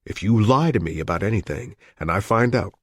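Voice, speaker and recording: A man's voice: on the low side, lively intonation, a little fast, no echo, clean studio sound. A man voicing a tense, guarded male hijacker who gives firm, terse orders in an audiobook.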